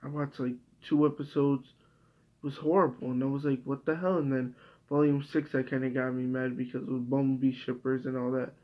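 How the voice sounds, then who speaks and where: A man's voice: medium pitch, completely flat delivery, brisk. A young man in a casual vlog monologue, rambling and swearing often, with many restarts. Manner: rambling, profane, frequent restarts. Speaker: video creator. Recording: dull lo-fi recording.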